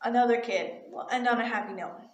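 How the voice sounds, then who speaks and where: Bubbly young woman with a high voice telling a chatty storytime in a roomy space. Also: brisk. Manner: gushing, chatty, full of "like" fillers. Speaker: retail cashier and vlogger. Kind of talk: casual storytime.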